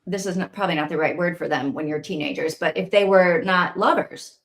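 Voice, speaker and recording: Book club co-reader, woman, thoughtful and speculative, relaxed casual chat. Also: lowish voice, a little fast.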